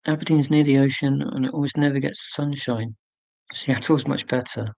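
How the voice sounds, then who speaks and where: A man's voice: medium pitch, steady tone, normal speed, creaky, a little mellow, no room sound, dull audio. A man in his forties hosting a casual live stream. He rambles chattily, answering viewer comments with fillers and self-corrections. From United Kingdom.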